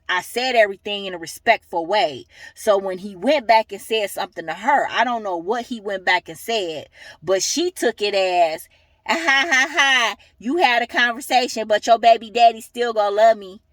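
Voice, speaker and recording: A woman's voice: mid-range voice, fairly bright tone, dry recording. A young woman ranting heatedly in a vlog, cursing and emphatic. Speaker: vlogger.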